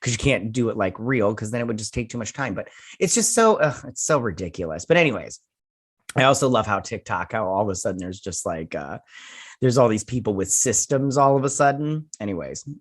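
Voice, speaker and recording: A man's voice: on the low side, very animated, brisk. An American man hosting his own channel, giving a casual, rambling episode review full of fillers and repeated words. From United States. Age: adult with children. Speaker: YouTube show host.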